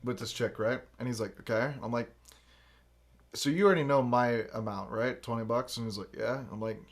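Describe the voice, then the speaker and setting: A man's voice: mid-range voice, moderate pace. A man on a casual podcast, telling a story with lots of swearing and acting out the quotes himself. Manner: animated storyteller, acts out quotes, swears freely. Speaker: podcast host.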